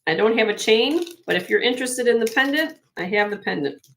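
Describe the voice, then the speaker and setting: A woman hosting a live online jewelry sale, chatting excitedly and loudly as she shows each piece. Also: a little high, fairly quick, slight background noise. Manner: excitable, loud, chatty sales patter.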